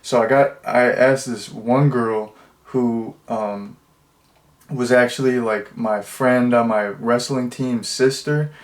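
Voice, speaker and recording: A young man talks through a film review in a loose, rambling way, clearly amused by what he describes. His voice sits at an ordinary middle pitch for a man, and his delivery is chatty and unhurried. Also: fairly even intonation. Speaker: movie reviewer. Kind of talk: casual movie review.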